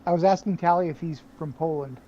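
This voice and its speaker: A man's voice: on the high side, fast talker, warm tone, dull audio, a little hiss or hum. A man from Nevada chatting casually with friends about a video game, rambling with lots of "like" and "you know". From Nevada, USA. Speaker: fellow player on stream. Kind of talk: casual gaming chat.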